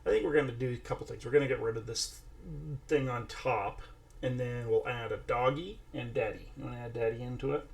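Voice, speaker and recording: Casual tutorial host, male, mid pitch, gravelly texture, chatty. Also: a little fast. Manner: chatty, narrating each step while talking to a toddler. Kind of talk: casual screen-share tutorial.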